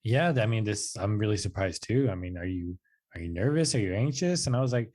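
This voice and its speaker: A man's voice: fairly low pitch, a little fast. A man in his twenties, a podcast guest, telling a personal story casually and acting out the quoted lines with a raised voice. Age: 20s. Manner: animated, acts out quotes with raised voice; casual, says "like" and "dude" often.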